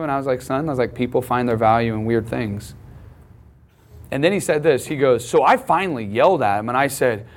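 A middle-aged man preaches in a relaxed, conversational style, talking to his listeners directly. On key phrases he lifts his voice and slows down to press the point. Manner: conversational, emphatic preaching with rising pitch on key lines. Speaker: pastor. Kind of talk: teaching sermon.

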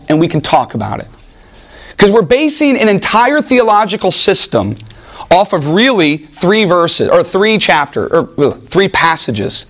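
A man teaching a Bible class in an animated, informal way, restarting sentences often and acting out what people say. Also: sits high, measured pace. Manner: animated, with frequent restarts and acted-out quotes. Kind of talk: informal teaching talk with anecdotes.

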